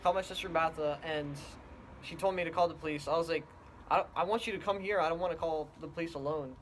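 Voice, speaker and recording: A man tells his part of the story in casual chat, pausing and restarting as he goes. His voice sits slightly high for a man. A faint hiss lies beneath. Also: fairly bright tone. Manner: halting, plain recounting with restarts.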